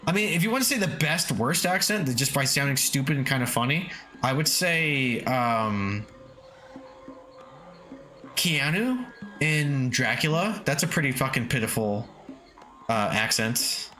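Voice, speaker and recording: This game streamer's voice sits in the mid range, animated and sharp-toned, moving at a measured pace. He chats casually as he plays, reads messages from chat, curses without restraint and laughs a lot, with faint lofi music behind him.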